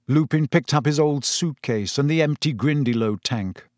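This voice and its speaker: A man reading a storybook aloud as narrator, expressive and steady. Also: fairly high pitch, moderate pace, no echo, studio quality. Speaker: audiobook narrator. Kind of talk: scripted narration.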